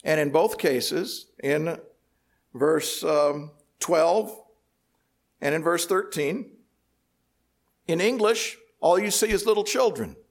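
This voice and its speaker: A man preaching a sermon, explaining scripture in a measured teaching tone. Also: fairly high pitch.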